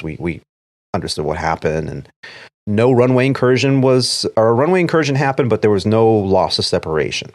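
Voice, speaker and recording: Chatting casually on a podcast, a man who works as an airline first officer walks through a work story step by step, performing the radio calls as he goes. His low-pitched voice has a darkish tone, captured in a dry, studio-quality recording.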